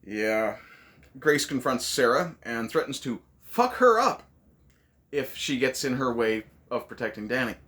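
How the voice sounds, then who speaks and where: A man's voice: medium pitch, animated, measured pace, fairly bright tone. Sarcastic, cursing man reviewing a movie. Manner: sarcastic, profane ranting.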